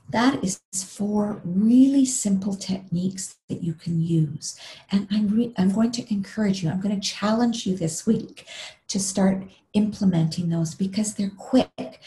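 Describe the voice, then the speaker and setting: A middle-aged woman leading a guided meditation webinar over a video call, talking gently and unhurriedly, sometimes dropping into a breathy whisper. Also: medium pitch, measured pace, low-quality recording. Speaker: meditation instructor.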